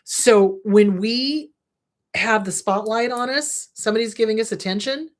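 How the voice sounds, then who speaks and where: A middle-aged woman hosting a therapy podcast, talking frankly and casually about crying and grief, often repeating soft reassurances. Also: on the high side, unhurried. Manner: candid, frank, soothing reassurance. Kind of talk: casual advice talk.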